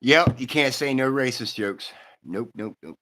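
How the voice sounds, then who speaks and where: A man's voice: mid-range voice, lively intonation, a little slow, fairly bright tone. A man hosting a casual live stream, telling crude jokes and greeting people in the chat.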